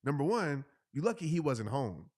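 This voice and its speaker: A man's voice: fairly high pitch, sing-song, moderate pace, darkish tone. A man, casually telling a funny story and acting out the voices of the people in it. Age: 30s. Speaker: motivational speaker telling a story.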